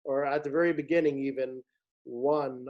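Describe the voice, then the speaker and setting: A man leading a choir rehearsal, explaining a piece with many pauses and restarts and singing short phrases to show the point. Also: on the high side, muffled recording. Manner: halting, many fillers and restarts, sings short phrases to demonstrate. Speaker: choir director. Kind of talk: rehearsal instruction.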